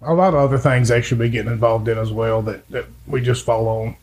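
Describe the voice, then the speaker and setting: A man's voice: mid-range voice, steady tone, brisk, a little mellow, slight background noise. A man with an Appalachian American accent co-hosting a podcast, joking dryly and talking folksy and casual. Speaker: podcast co-host. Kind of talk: casual chat.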